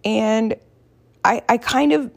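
A woman with a creaky voice on the high side speaks at a slow pace. Hosting her podcast from home, outside her usual podcasting room, she chats casually and tells stories with a self-mocking touch.

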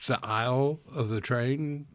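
A man's voice: mid-range voice, slow, dry recording. A man talking casually as a player in a tabletop game, rambling a bit.

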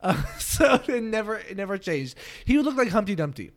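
A young man co-hosting a casual podcast, chatting about a film, animated and laughing often with rambling restarts. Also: high voice, a little fast. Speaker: podcast co-host. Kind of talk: casual chat reviewing a film.

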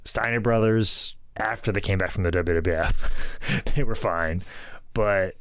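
A man co-hosting a podcast, telling stories in casual chat and quoting others in low put-on voices. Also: unhurried, a bit bright, dry recording. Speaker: podcast co-host.

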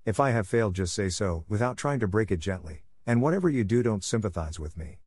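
A man reading the lines of a bright, ambitious teenage girl in an audiobook, in his own low voice. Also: lively intonation, fast talker, slightly rough. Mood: earnest.

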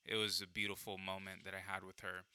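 A man's voice: sits low, completely flat delivery, quick pace, bright, forceful tone, clean tone, no echo, clean studio sound. A young man telling a personal story in casual chat, rambling, full of fillers and swearing.

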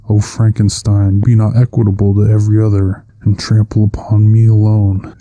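A man's voice: on the low side, dark tone, no echo, natural voice. A man voicing a huge, anguished male creature who speaks in solemn, archaic formal language.

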